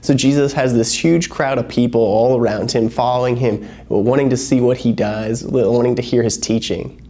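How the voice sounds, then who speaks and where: A young youth pastor delivers a sermon to a youth group, telling stories casually and acting out the people in them with animated quotes. His voice is medium-pitched at a normal speed.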